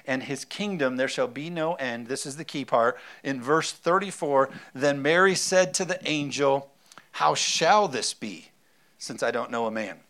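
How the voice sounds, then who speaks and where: A man's voice: medium pitch, a little slow, a bit bright. A man preaching a sermon in a conversational way, acting out little asides and reading scripture aloud. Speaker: pastor.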